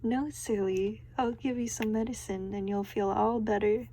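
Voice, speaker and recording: A woman reading the gentle, reassuring lines of a kindly male doctor from a storybook, in her own voice. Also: mid-range voice, fairly even intonation, normal speed, natural voice. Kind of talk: storybook read-aloud.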